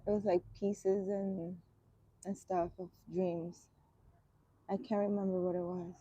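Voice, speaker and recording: A woman energy healer chatting casually outdoors, answering viewer comments aloud in an unhurried way, her throat irritated so her voice keeps catching. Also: lowish voice, flat delivery, dark tone, breathy edge. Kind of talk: casual live chat. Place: outdoors in the sun, birds around.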